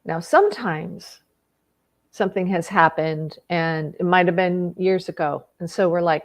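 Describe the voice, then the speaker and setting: A middle-aged woman with a fairly low voice talks through a personal story at a measured pace and with earnest feeling. She frequently stops to restart her thoughts and fills the gaps with small fillers as she reflects on her own mistakes.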